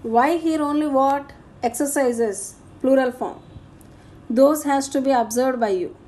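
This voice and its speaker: A female teacher works through grammar exercises as a slow, deliberate dictation, naming each answer and every punctuation mark. Her voice sits high and sounds mellow.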